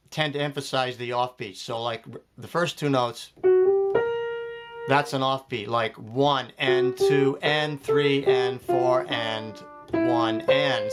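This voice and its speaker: Man, jazz piano teacher, relaxed step-by-step explaining, counts beats aloud, loud piano behind. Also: mid-range voice. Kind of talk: spoken music lesson.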